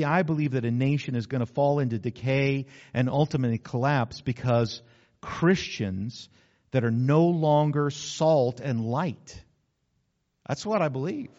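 Man preaching a sermon, earnest and deliberate. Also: on the high side, a little mellow. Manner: earnest preaching, slowing down for emphasis. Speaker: pastor. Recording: slightly dull lo-fi sound.

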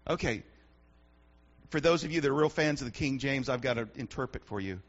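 A man's voice: mid-range voice, brisk, highs cut off. A man preaching a sermon as pastor, emphatic and repetitive, asking the congregation rhetorical questions.

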